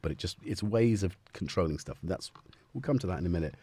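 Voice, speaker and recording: A man's voice: sits low, lively intonation, fast talker, a little mellow, slightly rough. A man hosting a live stream, chatting in a rambling, jokey way that keeps interrupting itself. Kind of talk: casual live-stream chat.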